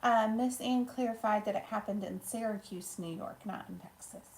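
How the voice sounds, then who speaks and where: Creaky-voiced woman reading chat in an echoey room. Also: medium pitch, moderate pace. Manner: reads viewer comments aloud, soft-spoken. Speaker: live stream co-host reading chat. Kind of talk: casual live-stream chat.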